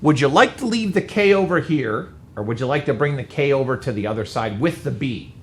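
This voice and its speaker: A math teacher of medium pitch talks fairly quickly with lively intonation, joking tiredly with his students as he works a calculus problem in a classroom lecture. Echo and faint noise fill the recording.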